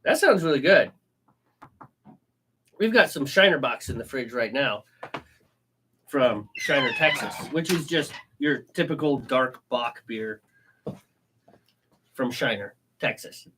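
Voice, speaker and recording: Lively-voiced man joking over beer. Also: mid-range voice, takes it slowly, pauses often, noisy background. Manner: joking, animated banter. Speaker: co-host. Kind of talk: casual chat.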